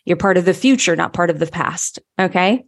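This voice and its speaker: A woman's voice: on the low side, lively intonation, fairly quick. A woman giving a motivational teaching talk, upbeat and emphatic, repeating phrases for stress. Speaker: human design teacher.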